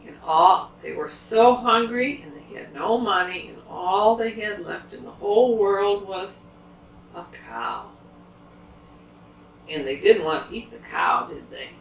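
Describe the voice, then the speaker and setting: Animated older woman telling fairy tales. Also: medium pitch, measured pace, a little hiss or hum. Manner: animated, asks the listening child questions. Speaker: storyteller. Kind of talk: reading children's stories aloud. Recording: roomy, distant home recording.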